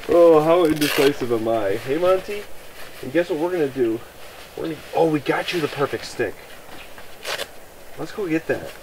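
A man's voice: a little slow, pauses often, recorded from a distance, background noise. Chatty young man vlogging in the woods. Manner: chatty, coaxing his dog in high excited calls. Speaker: wilderness camping vlogger. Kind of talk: casual outdoor vlog talk to camera and dog. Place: outdoors in the woods at a campsite.

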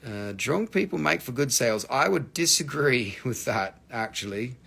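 A man's voice: mid-range voice, animated, normal speed, gravelly, fairly bright tone, slightly rough. A man hosting a live rock and mineral sale, chatty and joking, with casual swearing. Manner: joking, profane and chatty, teasing viewers. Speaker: host selling rocks and minerals on a livestream. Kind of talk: casual live sales chat.

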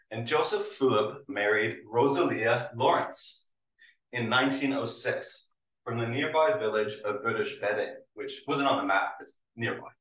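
A man, originally from Hungary, giving an academic talk with halting delivery and many fillers, sometimes emotional. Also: mid-range voice, fairly bright tone. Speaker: lecturer. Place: lecture room with audience. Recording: roomy sound, mic at a distance.

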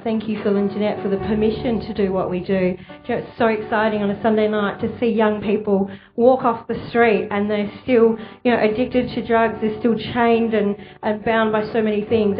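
Woman, even monotone delivery, thankful and excited, church share, muffled recording. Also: fairly high pitch. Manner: enthusiastic, thankful. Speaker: youth church team leader. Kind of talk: church announcement.

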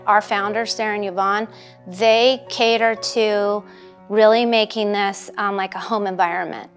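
A woman's voice: mid-range voice, steady tone, a little slow. Woman, plain mid voice, conversational testimony over music. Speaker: charity staff member. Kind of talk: interview testimony.

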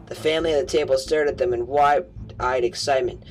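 A man's voice: medium pitch, fairly even intonation, fairly quick, poor audio. A man reading a novel aloud as an amateur audiobook, stumbling and correcting himself as he goes. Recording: home recording with faint music.

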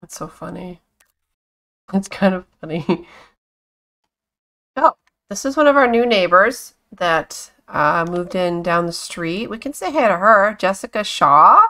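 Woman streamer with a bright voice, chatty and giggly, narrating her gameplay casually. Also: fairly low pitch, expressive, a little slow, long pauses. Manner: chatty, talks to her game characters; giggly, exclaims often.

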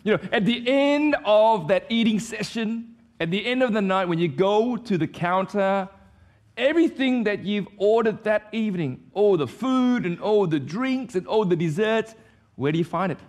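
A pastor delivering an impassioned sermon, repeating declarations with rising force. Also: male voice, high voice, lively intonation, moderate pace. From Vietnam.

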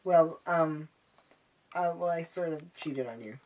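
A woman's voice: deep voice, unhurried, a little hiss or hum, poor audio. A woman acting a guarded young girlfriend in an amateur comedy sketch, hesitant and terse. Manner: hesitant, terse, then sharp outbursts.

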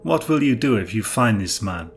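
A man reading the lines of a cold, menacing man around sixty who speaks with a foreign accent, terse and slow in a low voice. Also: expressive, faint music behind.

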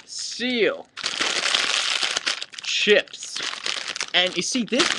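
High-voiced young man ranting to camera. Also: lively intonation, very slow, long pauses, very noisy. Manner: exaggerated mock-angry ranting, swearing. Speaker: vlogger. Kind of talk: comedic rant to camera.

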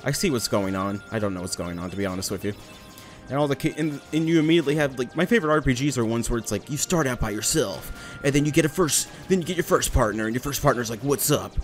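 A young man rambles through casual commentary while playing a game, drifting from joke to joke and swearing offhandedly. His voice sits at an ordinary, middle pitch, with game music playing faintly underneath. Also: lively intonation, quick pace. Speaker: let's play commentator.

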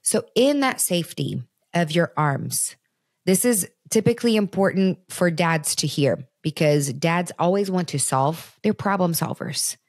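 Lady in her 30s doing a parenting show, lowish voice, warm earnest chat, dry close mic. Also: expressive, unhurried, no room sound. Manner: earnest, conversational, addresses listeners directly. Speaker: podcast host. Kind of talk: parenting advice talk.

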